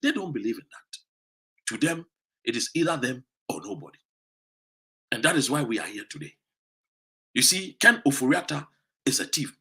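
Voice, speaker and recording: A man's voice: mid-range voice, big pitch swings, moderate pace, pauses often, pushed and bright. A Ghanaian man with a Ghanaian accent, giving an emphatic, accusatory political monologue that mixes English and Twi. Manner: switches between English and Twi, repeats "what you say?". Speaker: political commentator.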